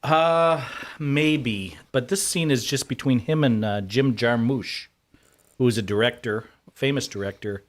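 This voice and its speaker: A man with a mid-range voice tells a wry story during a relaxed chat. His delivery is casual and dry. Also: mid-range voice, a little slow. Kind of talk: casual banter.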